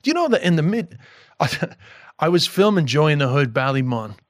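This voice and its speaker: Sweary storytelling comedian with a mixed accent. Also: male voice, fairly high pitch, fairly quick, no echo, studio quality. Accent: mixed New York and Irish. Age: middle-aged. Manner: animated storyteller, swears freely, laughs while talking. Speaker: comedian guest. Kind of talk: casual podcast chat.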